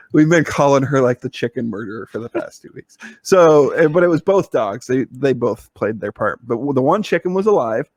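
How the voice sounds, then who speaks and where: A male podcast co-host tells a long, casual, rambling story packed with fillers and restarts. His mid-range voice is animated and darkish, at a moderate pace, with no room sound.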